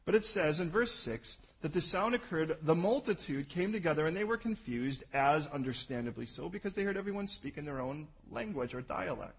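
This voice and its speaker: A man preaching a sermon, animated and jokey, swinging from loud bursts to low asides. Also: brisk, creaky, hardly any pauses, husky, poor audio. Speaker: pastor.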